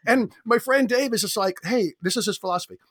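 A man in his sixties chatting casually, telling animated stories and acting out quotes. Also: sits high, fast talker, husky, no echo, studio quality. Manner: animated, acts out quotes in bursts. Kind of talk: casual storytelling chat. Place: Berkeley area.

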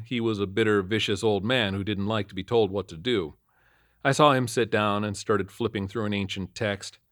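A man with a low voice reads a first-person supernatural tale in an earnest, matter-of-fact manner. The sound is close and completely dry, with no room around it. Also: fairly bright tone, no echo. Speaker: narrator. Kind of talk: first-person horror story narration.

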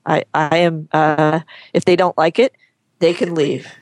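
A woman guest on an interview show, talking frankly and chattily, often pausing and restarting her sentences. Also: deep voice, fairly even intonation, no echo. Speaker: guest, horse photographer. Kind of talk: casual interview chat.

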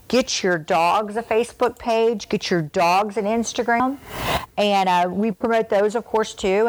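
A woman's voice: medium pitch, rough recording. A woman guesting on a podcast, chatting in a rambling, teasing way. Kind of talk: casual chat.

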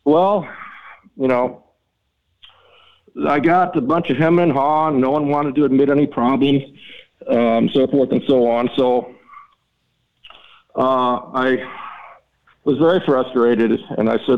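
Male podcast guest, mid-pitched, animated storyteller, dull lo-fi audio. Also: takes it slowly, long pauses. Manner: animated, exasperated, reenacts dialogue with rising pitch. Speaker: podcast guest, mapping company founder. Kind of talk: storytelling interview talk.

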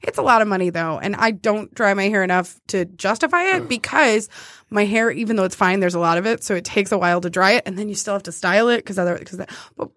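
A woman's voice: mid-range voice, fast talker, fairly bright tone, no room sound. Chatty laughing woman, dry close sound. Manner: chatty, laughs often, rambling restarts. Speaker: co-host. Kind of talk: casual chat.

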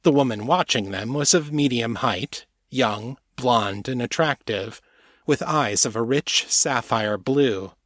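A man reads his own serialized novel in a slow, measured way, his voice slightly husky. The recording is dry and close, with nothing around him. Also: medium pitch, fairly bright tone, no echo. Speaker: author and audiobook narrator. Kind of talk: scripted narration.

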